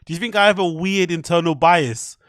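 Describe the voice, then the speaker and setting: Young man, live stream commentary, loose and laughing, fairly high voice, dry close sound. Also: fairly quick, a bit bright, dry recording. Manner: loose, laughing, chatty, swearing.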